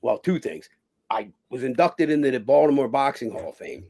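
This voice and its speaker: A man's voice: mid-range voice, animated, moderate pace, darkish tone. A man, a guest telling rambling stories in a casual interview, full of "you know" and acted-out voices. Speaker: guest, former boxer.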